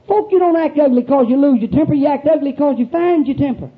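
A man's voice: very high voice, quick pace, a little hiss or hum. A man preaching a sermon in a folksy, emphatic way, often putting questions to the congregation. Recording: tinny phone-like recording.

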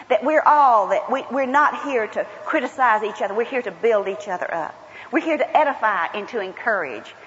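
A woman's voice: medium pitch, a bit bright. A woman from South Georgia with a Southern accent, giving a folksy, humorous inspirational talk to a women's gathering. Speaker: women's retreat speaker. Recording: muffled hall with long reverb.

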